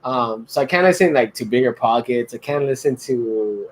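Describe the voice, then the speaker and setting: A man's voice: mid-range voice, lively intonation, normal speed. A young man co-hosting a beer podcast, joking around, laughing often and swearing casually. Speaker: podcast co-host. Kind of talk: casual chat.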